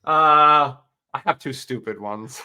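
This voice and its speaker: A man's voice: medium pitch, slow pace, pushed and bright, smooth. A man chatting casually on a podcast, tossing in short teasing remarks. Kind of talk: casual chat.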